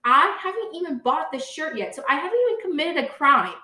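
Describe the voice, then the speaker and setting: A young woman chats through a story on her podcast. Her voice is a little high, and the talk is full of "like" and asides to the listeners. The sound is roomy, with the mic set back from her. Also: very animated, brisk, sharp tone, distant mic. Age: young adult. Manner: chatty, says "like" a lot, talks to listeners as "guys". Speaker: podcast co-host. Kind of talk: casual storytelling.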